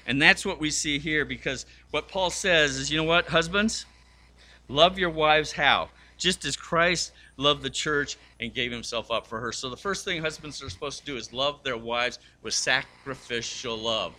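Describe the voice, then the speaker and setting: A man's voice: a little high, normal speed, sharp tone. A man preaching a sermon, telling stories and acting out the voices of the people in them. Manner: storytelling, acts out quoted voices. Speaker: pastor.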